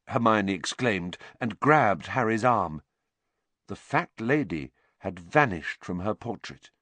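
A man narrating a storybook in an expressive, lively storytelling manner. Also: fairly low pitch, no echo. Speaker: audiobook narrator.

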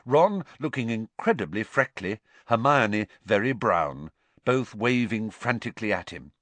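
Expressive male storybook narrator. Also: lowish voice, measured pace, dry recording. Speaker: audiobook narrator. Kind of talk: scripted narration.

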